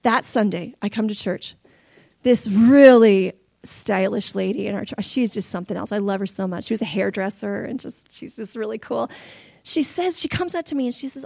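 A woman in her forties preaching, telling personal stories in an animated way. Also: mid-range voice, normal speed, gravelly, dry recording, studio quality. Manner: animated storytelling, laughing and crying through stories. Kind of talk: sermon testimony.

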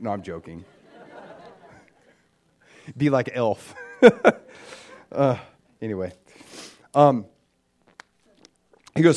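A man giving a personal testimony as a sermon, telling it like a story, dropping to a hushed near-whisper and then rising to loud excitement. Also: mid-range voice.

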